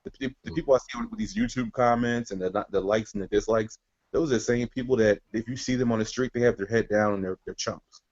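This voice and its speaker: A man co-hosting a talk show, giving blunt opinions in a measured, hesitant way with many fillers. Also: mid-range voice, expressive, darkish tone. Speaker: podcast co-host. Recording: dull lo-fi audio.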